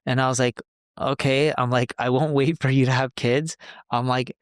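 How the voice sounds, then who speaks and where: A man in his forties chats casually on a podcast, recounting a personal story and quoting what others said. His voice sits at an ordinary middle pitch and is recorded close and dry, with no room sound. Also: fairly even intonation, moderate pace, smooth, no room sound. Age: 40s. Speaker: podcast co-host. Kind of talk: casual chat.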